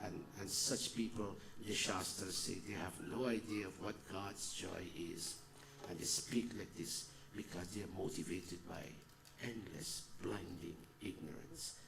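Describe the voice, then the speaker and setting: A man giving a devotional sermon as a spiritual teacher, swinging between loud exhortation and soft, slow murmurs. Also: low voice, steady tone, vocal fry, noisy background.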